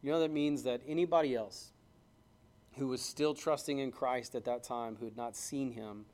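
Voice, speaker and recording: Preaching at a church service, a man with a steady tone cites scripture in archaic King James language. His delivery shifts from fast, loud outbursts to quiet, hushed stress.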